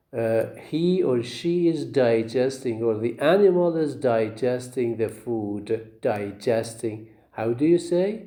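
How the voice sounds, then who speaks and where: A man teaching phonetics in a recorded lecture, explaining slowly and repeating himself, often checking in with "okay?". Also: mid-range voice, mellow, roomy sound. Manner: slow, repetitive explaining with frequent "okay?" checks.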